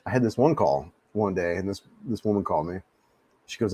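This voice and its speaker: A man's voice: fairly low pitch, lively intonation, brisk, long pauses, a little mellow, slightly rough, no room sound. A man, hosting a casual live stream, easygoing and rambling, often repeating his words. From United States. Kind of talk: casual live-stream chat answering viewers. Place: home in the Philippines. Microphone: desk mic he adjusts.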